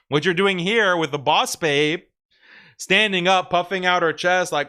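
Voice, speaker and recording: A man's voice: sits high, unhurried, bright, forceful tone. A man hosting a commentary show, talking casually in a sarcastic, mocking way and chuckling often. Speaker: host.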